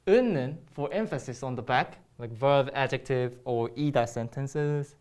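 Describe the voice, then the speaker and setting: A woman's voice: rumbling low, fairly quick, a little mellow. A woman with a Korean accent teaching a Korean grammar lesson in English, explaining step by step with frequent ums and restarts.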